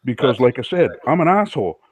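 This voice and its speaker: A man's voice: medium pitch, big pitch swings, fast, dry recording. A man on a podcast panel, chatting casually and boastfully with heavy swearing. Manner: brash, boastful, swears heavily. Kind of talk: casual profane chat.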